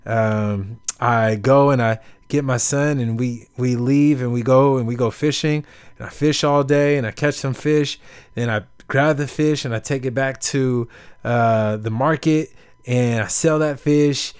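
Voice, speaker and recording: A man's voice: medium pitch, steady tone, a little slow, smooth, no echo, lightly acted. A man doing a content easygoing fisherman.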